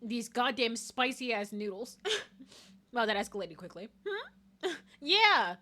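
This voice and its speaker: Lively high-voiced woman streamer. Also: slow pace. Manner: laughs often, swears casually. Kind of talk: live game commentary, reading dialogue aloud.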